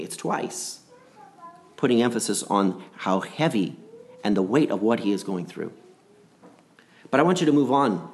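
A man's voice: mid-range voice, lively intonation, a little slow, pauses often. A man preaching a gospel sermon in an earnest voice, repeating key phrases and swinging between rising and dropping delivery.

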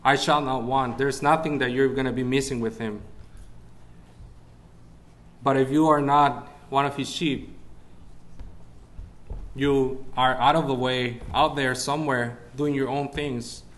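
A man's voice: medium pitch, fairly even intonation, a little slow, pauses often. Man preaching a sermon. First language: Spanish. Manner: searches for English words, rises when preaching.

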